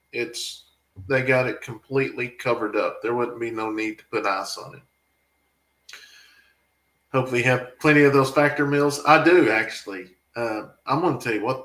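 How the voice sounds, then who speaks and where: A man's voice: mid-range voice, a bit bright. Farm vlogger, man, emotional and rambling, reading viewer chat in an echoey room. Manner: rambling, emotional, talks back to viewer comments. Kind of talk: casual live-stream chat.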